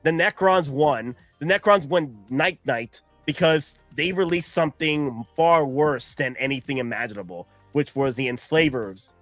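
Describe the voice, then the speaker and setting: An excitable male stream host who rambles and laughs as he chats, his voice a little high for a man. The sound is dry and close to the mic, with faint music playing behind him. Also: a little slow, few pauses, no room sound. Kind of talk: casual chat.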